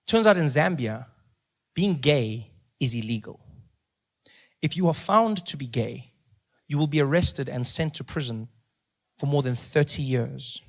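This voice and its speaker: South African comedian telling stories. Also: male voice, medium pitch, a little slow, creaky, pauses often. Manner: animated storytelling with acted-out voices and laughter. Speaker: stand-up comedian. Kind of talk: stand-up comedy.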